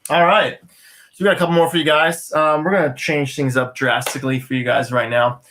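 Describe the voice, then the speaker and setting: A man's voice: on the high side, fairly even intonation, normal speed, fairly bright tone. A man from an acoustic duo telling a joking, self-mocking story between songs, with guitar behind him.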